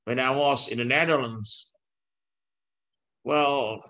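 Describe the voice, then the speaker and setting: An older man, a law professor giving a university lecture in English, slow and halting, with frequent pauses and restarts. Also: medium pitch, pushed and bright. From Indonesia. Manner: mixes in Dutch legal text.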